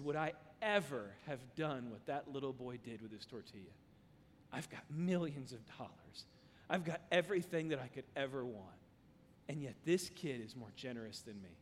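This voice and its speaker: A man preaching a sermon, telling a story with lively rises and drops in his voice. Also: mid-range voice, moderate pace, a little hiss or hum. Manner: animated storyteller, voice rising and dropping with the tale. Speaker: pastor. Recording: long reverb of a large hall.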